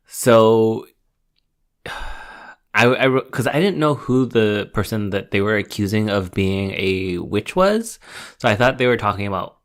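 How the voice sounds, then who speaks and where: Lowish guy rambling on a podcast, lots of ums. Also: lively intonation, measured pace. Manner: rambling, hesitant, many ums and restarts. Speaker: podcast co-host. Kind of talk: casual chat about a reality show.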